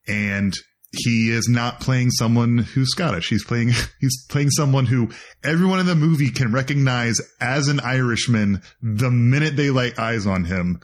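A man's voice: mid-range voice, a little slow. A man co-hosting a podcast in casual chat, joking and laughing often. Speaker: podcast co-host.

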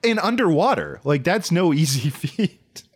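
The man speaks with a lively, swooping pitch in casual podcast chat. He tends to rush his words in excited bursts, stopping and restarting his sentences. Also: slightly rough. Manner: animated, quick bursts with restarts. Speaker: podcast co-host.

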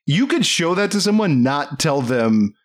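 A man's voice: on the high side, big pitch swings, unhurried. A man in a casual podcast chat, enthusiastically talking about a film with many fillers.

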